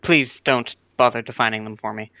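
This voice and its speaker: A mid-pitched voice recorded in a dead, dry room, playing a tabletop game. The speaker makes dry, joking remarks to the table. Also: fairly even intonation, normal speed, vocal fry, pushed and bright, dry recording. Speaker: player. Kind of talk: tabletop role-play chat.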